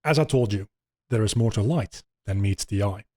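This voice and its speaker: A solemn young warrior as a man plays him, earnest and measured in every word. His tone is dark and mellow. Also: lowish voice, voice pushed down, natural voice.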